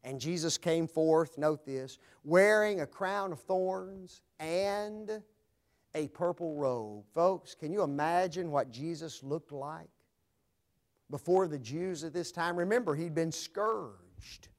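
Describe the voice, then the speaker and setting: A male preacher delivering a sermon, swinging dramatically between loud proclamation and hushed low tones. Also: slow.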